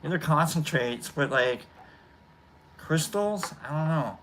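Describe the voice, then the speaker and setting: A man hosting a casual chat show, talking in a rambling, halting way full of fillers and restarts. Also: fairly high pitch, animated, fairly bright tone, slight background noise. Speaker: host. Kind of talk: casual chat while smoking.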